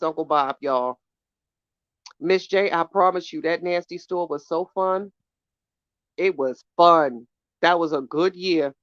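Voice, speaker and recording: Woman podcast host, lower-pitched, blunt and profane gossip talk, dull lo-fi dry recording. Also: no room sound. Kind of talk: casual chat reacting to live chat.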